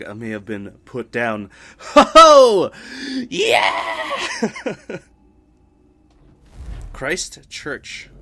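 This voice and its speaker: Playful man reading aloud. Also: mid-range voice. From Britain. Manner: playful, joking asides, stumbles over words. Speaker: gaming YouTuber. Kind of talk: reading game database entries aloud with jokes.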